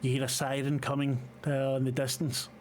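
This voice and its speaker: A man's voice: mid-range voice, completely flat delivery, fairly quick, darkish tone, a little hiss or hum. A man running a tabletop horror game as game master, describing scenes with frequent ums and uhs. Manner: hesitant, many fillers.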